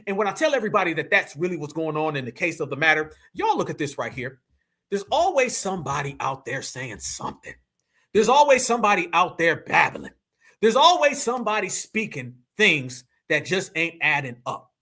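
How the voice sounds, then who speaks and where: Animated high-pitched male commentator. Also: brisk. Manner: animated, slangy, addresses viewers as family. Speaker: commentary channel host. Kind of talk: reaction commentary.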